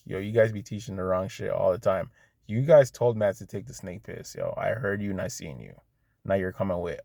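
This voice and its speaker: A man's voice: deep voice, a little fast, gravelly, dark tone, no echo, clean studio sound. A man ranting casually to the camera, blunt and heated, with plenty of profanity. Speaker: vlogger. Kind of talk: casual rant.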